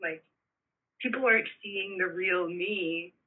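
Woman calling in on a phone, kinda hesitant and quiet, breathy sound. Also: on the low side, slow pace. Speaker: caller. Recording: tinny phone line.

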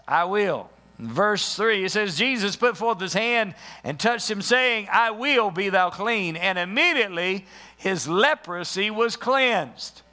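A man preaching a sermon, reading scripture verses slowly and repeating them for emphasis. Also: sits high, pushed and bright.

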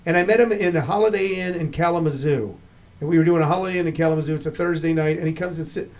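A middle-aged man hosting a casual chat, telling anecdotes with lively acted-out quotes. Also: fairly high pitch, fast. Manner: animated storyteller, acts out the people he quotes. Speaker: podcast host.

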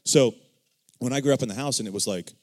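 A man speaking in a casual faith discussion, telling his own story with lively swings of tone and voicing the people he quotes. He keeps turning to his listeners with "right?". His voice sits at a middle pitch for a man. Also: fast. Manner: animated storyteller acting out quoted dialogue; says "right?" often to check in with listeners. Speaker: church member sharing testimony.

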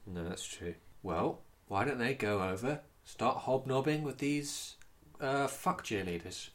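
A man co-hosting an improvised comedy podcast, chatty and quick to laugh as he plays along. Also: medium pitch, animated, fairly bright tone. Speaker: co-host playing the hero of the scenario.

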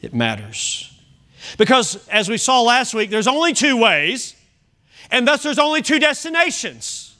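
A man preaching a sermon as pastor, emphatic, with big swings in loudness and chatty asides and self-corrections. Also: extremely high pitch, sing-song, unhurried.

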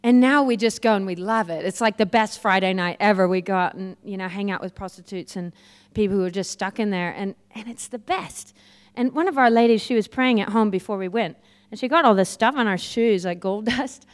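A woman preaching a sermon, telling personal stories in a lively way and laughing often. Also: medium pitch, a little fast, few pauses, clean tone. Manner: lively storytelling, laughs often, acts out quoted voices. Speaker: guest preacher.

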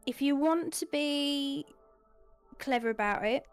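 A woman playing a tabletop game, speaking in a thoughtful, halting way. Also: high voice, soft background music. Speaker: player. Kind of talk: casual tabletop play.

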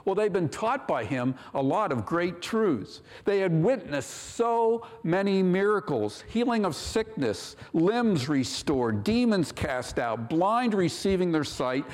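Preaching pastor in a reverberant hall. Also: male voice, high voice, sing-song, slow pace, hardly any pauses. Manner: preaching with rising emphasis and quoted dialogue. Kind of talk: sermon. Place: church sanctuary. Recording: long church hall reverb.

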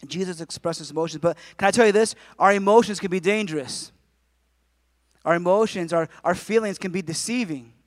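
A pastor in his forties preaches a conversational sermon, tossing jokes and asides to the congregation. His voice is high-pitched and the recording is dry.

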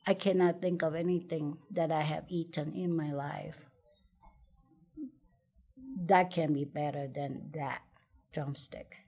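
A woman's voice: deep voice, fairly even intonation, takes it slowly, pauses often, dark tone, breathy edge. A middle-aged woman telling a personal childhood story in conversation, hesitant, repeating words and laughing often. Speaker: interviewee.

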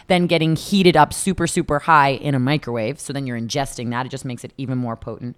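A woman's voice: extremely low pitch, fairly even intonation, clean tone. A woman co-hosting a podcast, chatty and emphatic, often agreeing and adding to her partner's points. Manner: emphatic, chatty, quick to agree and laugh along. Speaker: podcast co-host. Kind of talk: casual chat.

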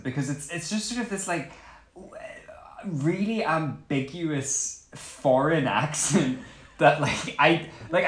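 A man co-hosting a casual chat about a TV show, animated and rambling, often laughing mid-sentence. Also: fairly high pitch. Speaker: podcast co-host. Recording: roomy echo.

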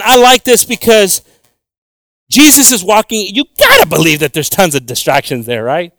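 A male preacher gives a sermon in two languages, moving back and forth between Spanish and English. His voice sits a little high and rises and falls freely as he makes joking asides. The sound is dry and close. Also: a bit bright, dry recording. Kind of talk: bilingual sermon.

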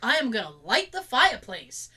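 A woman's voice: a little high, moderate pace, slightly rough. A woman chatting casually and telling work stories, acting out what her coworkers said. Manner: animated, acts out coworkers' lines. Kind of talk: casual chat, storytelling.

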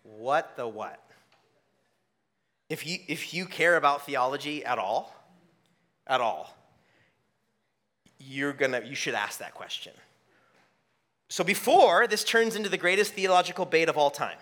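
A man preaching a sermon, animated and conversational, acting out dialogue and often restarting his sentences. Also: a little high, moderate pace, long pauses. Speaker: pastor.

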